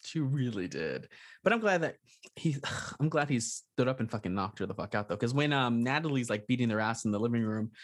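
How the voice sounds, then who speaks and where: A woman's voice: rumbling low, lively intonation, brisk. A young woman co-hosting a casual horror movie chat, swearing often and acting out her own reactions. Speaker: podcast co-host.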